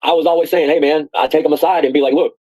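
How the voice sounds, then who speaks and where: A man's voice: a little high, fairly even intonation, racing, darkish tone, poor audio. A man ranting casually in a rambling, profane way, often repeating and restarting his words. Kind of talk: casual rant.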